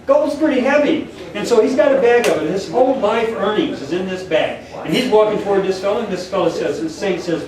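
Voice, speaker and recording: A man's voice: sits high, fairly quick, hardly any pauses. A man speaking at a political meeting, rambling and telling a joke with acted-out voices. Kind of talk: public talk to a meeting. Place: meeting room in a church. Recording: echoey hall, far from the mic, crowd noise.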